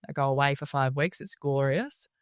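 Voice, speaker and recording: An Australian woman speaking as a podcast guest, telling stories in a lively, chatty way and laughing often. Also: very deep voice, normal speed, no room sound, studio quality. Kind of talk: casual interview storytelling.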